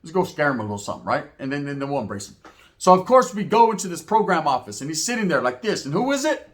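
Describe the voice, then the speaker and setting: Slangy, animated man telling a story. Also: on the high side, quick pace. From Merced, California. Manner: slangy, animated, acts out quotes in voices. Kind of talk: casual storytelling.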